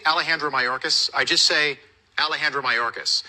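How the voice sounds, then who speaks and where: A man's voice: mid-range voice, normal speed, sharp tone, low-quality recording. A man delivering a wry comedy monologue.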